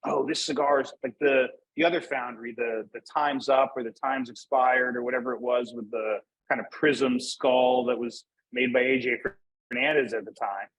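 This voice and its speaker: This guest, a man from Northeast Pennsylvania, USA, who manages a cigar brand, speaks at medium pitch with a steady, fairly bright, breathy-edged voice at normal speed. The interview chat is casual, easygoing and rambling, full of "like" and restarts, on a rough recording.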